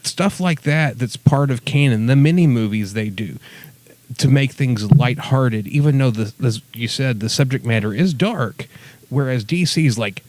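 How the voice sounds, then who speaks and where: A man co-hosting a podcast makes his case at length and with firm opinions. His voice is mid-pitched. The sound is dry, with no room echo. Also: a little slow, darkish tone. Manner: opinionated, lays out arguments at length. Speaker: podcast co-host. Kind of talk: casual chat.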